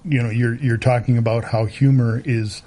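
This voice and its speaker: A male interviewer with a mellow, darker tone asks friendly questions, pausing and restarting as he goes. A faint hiss of noise sits under his voice. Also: mid-range voice, flat delivery.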